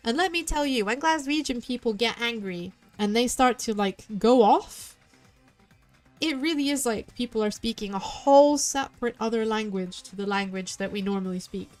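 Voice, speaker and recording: A woman's voice: fairly high pitch, faint music behind. A woman from southwest England with a West Country accent, rambling through chatty let's play commentary as a VTuber streamer. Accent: West Country English. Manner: rambling, chatty, quick tangents.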